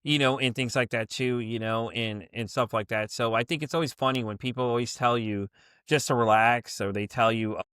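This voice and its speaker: Rambling podcast host, dry close sound. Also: male voice, mid-range voice, brisk, clean tone, dry recording. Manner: rambling, animated storytelling with many restarts. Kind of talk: casual interview chat.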